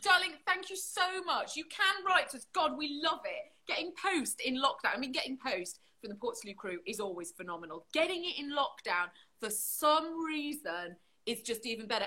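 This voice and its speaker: Brief: bright, animated woman podcast co-host, chatty, bubbly. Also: high voice, brisk, hardly any pauses. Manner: bubbly, reads letters aloud with flourish. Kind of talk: casual podcast chat.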